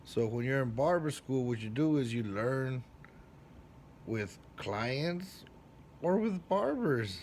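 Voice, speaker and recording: A man who works as a barber, casually telling a personal story in street slang, with profanity and lively acted-out quotes. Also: slow, a little hiss or hum. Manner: animated, acts out quoted lines with big jumps in pitch and loudness.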